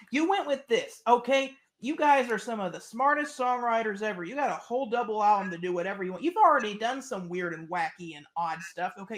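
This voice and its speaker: A co-host reviewing an album in casual chat, ranting in an animated, exasperated way. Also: medium pitch.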